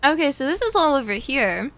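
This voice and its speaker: Bright, high-voiced woman streamer. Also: big pitch swings, brisk. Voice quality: slightly muffled from a cough drop in her mouth. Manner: chatty, greets chat over and over. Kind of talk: casual live-stream chat while gaming.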